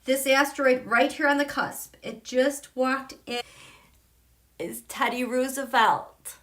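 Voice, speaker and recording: A woman hosting a live tarot and astrology stream, excitable and gushing, swinging between loud exclamations and soft murmurs. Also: high voice, slow pace. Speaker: tarot and astrology channel host.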